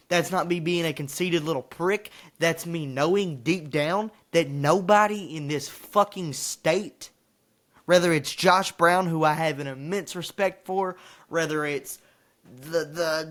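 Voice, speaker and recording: A man's voice: a little high, a bit bright. Angry boastful man ranting to camera. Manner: frustrated, boastful, profane rant. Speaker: wrestling commentator and vlogger.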